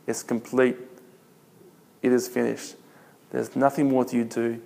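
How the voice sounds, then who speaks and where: A man's voice: mid-range voice, little pitch movement, measured pace, gravelly, warm tone. A man preaching a sermon emphatically, repeating phrases and asking rhetorical questions. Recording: long reverb of a large hall.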